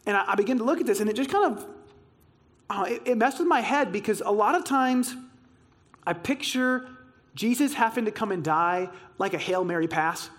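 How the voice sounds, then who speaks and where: Guy w a really high voice preaching, super excitable, acts out all the dialogue in his stories. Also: normal speed. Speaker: pastor. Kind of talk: sermon.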